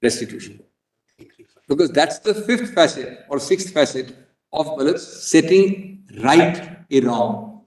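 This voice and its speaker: A male advocate with an Indian English accent makes a formal argument to the bench, slow and emphatic, leaning on key words. His voice sits a little high for a man. It is picked up from a distance in a roomy courtroom. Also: animated, darkish tone. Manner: deliberate and emphatic, repeats key words for stress. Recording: roomy courtroom audio, mic far off.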